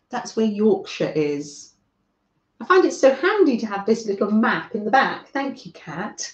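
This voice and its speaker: Gentle woman chatting to her live viewers while crafting, higher voice, kinda dull lo-fi sound. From northern England. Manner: gentle, chatty, often laughing, addresses viewers by name. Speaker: craft livestream host. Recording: echoey room, dull lo-fi sound.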